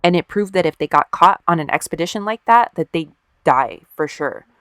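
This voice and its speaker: A woman's voice: lowish voice, lively intonation, moderate pace, smooth, no echo, studio quality. A woman co-hosting a podcast, casually telling a story with wry, profane asides and acted-out quotes. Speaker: podcast co-host.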